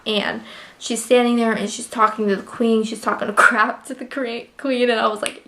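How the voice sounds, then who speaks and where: Young woman, book reviewer, casual chat, higher voice, emotional and gushing. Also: steady tone, moderate pace, fairly bright tone, slight background noise. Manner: gushing, emotional, filler-heavy retelling.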